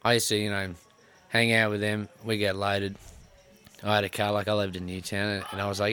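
Australian bloke in his 30s, lowish voice, swears freely, mocks himself, animated yarn-spinner. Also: fairly quick. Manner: profane, self-mocking, animated storyteller. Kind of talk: casual storytelling.

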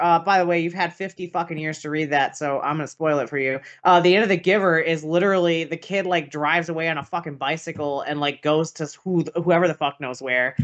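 A woman who writes novels, co-hosting a casual book podcast, blunt and swearing freely with quick asides. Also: on the low side, a bit bright, lo-fi sound. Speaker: podcast co-host, author. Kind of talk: casual chat about books.

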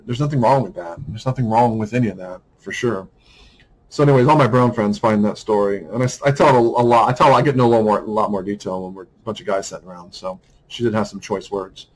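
A man's voice: medium pitch, rough recording. A man talking through a casual podcast monologue, rambling, with many restarts and fillers.

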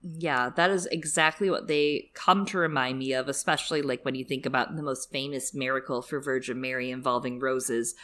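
A woman's voice: very deep voice, steady tone, brisk, hardly any pauses, fairly bright tone. A woman co-hosting a podcast in casual chat, with wry, joking asides. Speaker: podcast co-host.

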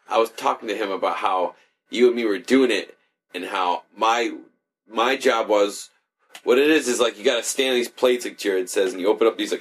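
A young man co-hosting a casual chat, telling rambling stories full of swearing and laughter. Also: lowish voice. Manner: profane, laughing, rambling storyteller. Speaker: podcast co-host.

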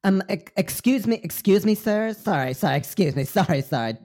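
A man's voice: high voice, lively intonation, brisk, darkish tone. A man playing a smarmy alien glue-company boss with salesman patter and fussy politeness.

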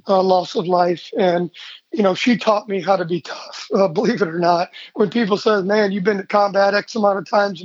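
A man in his forties with a husky, somewhat breathy voice tells a story in a casual interview, lively and animated, slipping into the voices of the people he quotes. The sound is dry and a little dull, as if through a modest mic. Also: high voice, dry recording. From Michigan. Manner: energetic, animated storyteller who acts out quoted dialogue. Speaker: podcast guest.

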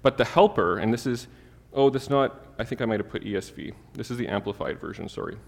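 A man's voice: lowish voice, quick pace, gravelly. Chatty male preacher in a reverberant hall. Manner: conversational and humorous, with lively asides and Bible readings. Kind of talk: sermon.

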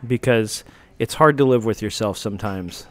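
A man's voice: on the low side, normal speed. A middle-aged man hosting a talk show, reading out rules in a dry, joking way. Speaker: host. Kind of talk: casual talk show banter.

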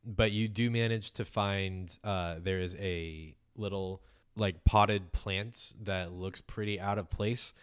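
A man narrating as game master of a tabletop game in a relaxed, rambling way, full of fillers. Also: deep voice, takes it slowly, clean tone, dry recording, clean studio sound.

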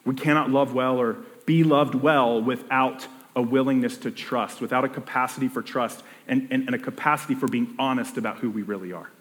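A man's voice: mid-range voice, fairly even intonation, brisk, hardly any pauses, fairly bright tone, long reverb tail. A man preaching a sermon in a casual, conversational way, often restarting his sentences and acting out people's inner voices. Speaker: pastor.

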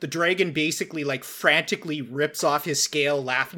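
A man hosting a casual talk, telling game-master stories with animated energy and many "like" fillers. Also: a little high, brisk, hardly any pauses. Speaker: podcast host and game master. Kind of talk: casual storytelling chat.

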